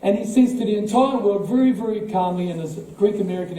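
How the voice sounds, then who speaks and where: A man's voice: high voice, fast, hardly any pauses, mellow. A man with a New Zealand accent giving an emphatic speech to a live audience, firing off rhetorical questions and repeating words as he goes. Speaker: political party speaker. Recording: echoey hall, voice from far off.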